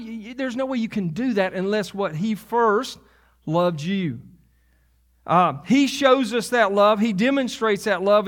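A man's voice: high voice, a bit bright. A man preaching a sermon as pastor, conversational, with asides and laughs at himself.

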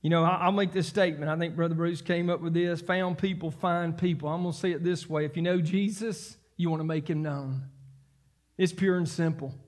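A male pastor preaches a sermon in a voice that sits high for a man, brisk and steady in tone. Reading scripture and exhorting the congregation, he rises into fervent, almost shouted emphasis.

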